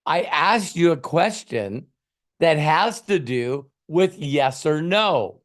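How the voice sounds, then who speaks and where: A man's voice: fairly high pitch, expressive, takes it slowly, fairly bright tone. A man doing an impression of a stern, impatient older female TV judge who scolds in clipped demands. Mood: scolding.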